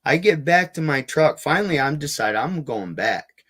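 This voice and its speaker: A man's voice: fairly high pitch, very animated, moderate pace, fairly bright tone, breathy edge. A man telling a story as a guest in a casual interview, rambling with frequent restarts and fillers. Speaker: guest, Bigfoot field researcher.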